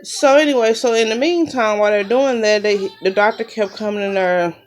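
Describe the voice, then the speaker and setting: A woman tells a personal story in a relaxed, chatty way. She slips into quick quoted lines to act out what each person said. Her voice sits at an everyday middle pitch. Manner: chatty, retelling events with quoted dialogue. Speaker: mom vlogger. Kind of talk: casual storytelling.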